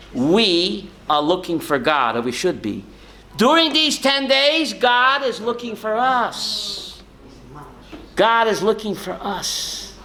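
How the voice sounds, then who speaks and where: A male rabbi giving a lively Torah class, asking rhetorical questions and calling on listeners by name. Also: sits high, a little hiss or hum. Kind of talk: Torah class to a live audience.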